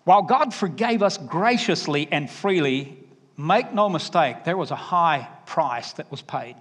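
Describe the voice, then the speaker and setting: Southern preacher in a reverberant hall. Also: male voice, a little high, lively intonation, measured pace. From Alabama. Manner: emphatic, varies loudness, drops to quiet asides. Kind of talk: sermon.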